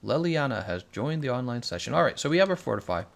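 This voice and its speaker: A man's voice: mid-range voice, big pitch swings, quick pace, vocal fry. A young man streaming a game, chatting casually and sarcastically, reading viewer messages aloud. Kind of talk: casual gameplay commentary.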